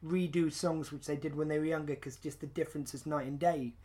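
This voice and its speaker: Host from the United Kingdom, mid-pitched voice, easy conversational anecdotes. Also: fairly even intonation, brisk, mellow. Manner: conversational, storytelling with fillers. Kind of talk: casual chat.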